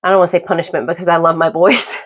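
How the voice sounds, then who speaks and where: A middle-aged woman hosting her own podcast, talking through a personal, opinionated monologue in a halting, emphatic way. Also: fairly low pitch, level tone. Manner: emphatic, halting with repeated restarts. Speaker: podcast host.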